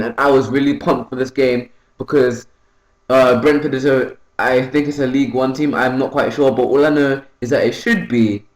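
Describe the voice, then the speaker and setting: A young man in a noticeably echoey room talks through his football video game match, calling passes and shots one by one. His pitch sits in an ordinary middle range. He rambles and corrects himself, then gets excited when a goal goes in. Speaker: gaming YouTuber. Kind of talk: casual play-by-play gameplay commentary.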